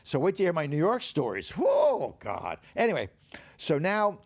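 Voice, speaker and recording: A man's voice: a little high, huge pitch swings, moderate pace, breathy edge, no echo. An older man, a podcast guest in a studio, telling rambling anecdotes in casual chat and acting out the dialogue.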